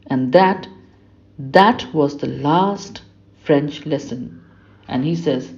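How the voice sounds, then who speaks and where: A woman reads a story aloud to her students. She pauses after each passage to restate it in plain words. Her voice sounds soft and mellow, and the recording is a little dull. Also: low-pitched. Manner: reads a passage, then repeats it in simpler words. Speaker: English teacher. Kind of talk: reading aloud and explaining a story. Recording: slightly muffled lo-fi recording.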